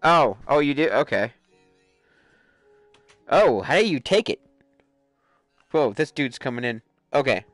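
A man hosting a live stream, chatting excitedly and laughing as he plays a game. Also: medium pitch, unhurried, pauses often, no echo, faint music behind. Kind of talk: casual gameplay commentary.

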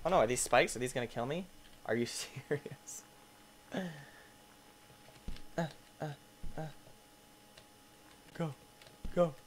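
A man giving excitable let's play commentary, yelping and squealing as things go wrong and talking to the characters on screen. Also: fairly high pitch, slow, long pauses, a little hiss or hum. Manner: playful, talks to the game characters. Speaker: gaming YouTuber.

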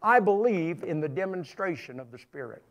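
A man's voice: high voice, lively intonation, normal speed. A man pastor preaching a sermon in church, emphatic and repetitive, rising in bursts. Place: church sanctuary.

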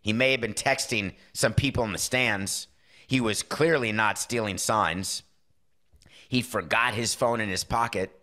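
A middle-aged man with a fairly low pitch and a sharp tone hosts a sports podcast. In his casual monologue he shares strong opinions and acts out snippets of dialogue as quick asides.

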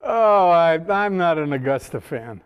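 An older man speaking in a fairly high voice, trading wry, dry-humored remarks as a guest in casual conversation. The recording sounds muffled and a little dull. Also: sing-song, a little slow, clear, resonant tone. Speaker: guest, golf historian. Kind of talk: casual chat.

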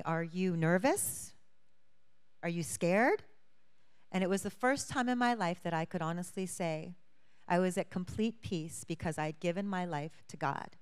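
A woman's voice: lowish voice, smooth. A young adult woman from Hawaii, a lawmaker, telling her testimony to a congregation with earnest storytelling and acted-out quotes. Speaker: church guest speaker, state lawmaker.

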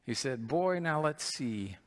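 A man voicing a big-voiced country preacher who booms and commands. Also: expressive, slow pace. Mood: booming. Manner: booming, commanding.

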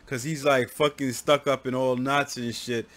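A man's voice: medium pitch, fairly even intonation, moderate pace, a bit bright. A man hosting a music reaction video, talking casually in a slangy, profane way full of fillers and restarts. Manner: rambling, repeats himself.

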